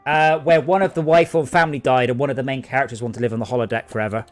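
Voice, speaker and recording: A man's voice: mid-range voice, steady tone, racing. A man chatting and joking casually on a gaming stream, often slipping into mock voices. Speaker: streamer co-host. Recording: faint music in background.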